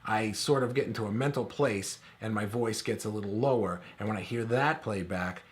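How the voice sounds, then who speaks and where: A middle-aged man teaching a recorded course lesson in a relaxed, conversational way, with filler words. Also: fairly low pitch, normal speed. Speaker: course instructor.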